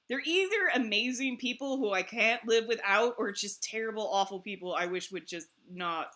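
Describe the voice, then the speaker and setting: Bright, laughing woman streamer. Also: fairly high pitch, measured pace. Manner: laughing, animated storytelling. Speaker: livestream host. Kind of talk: casual chat.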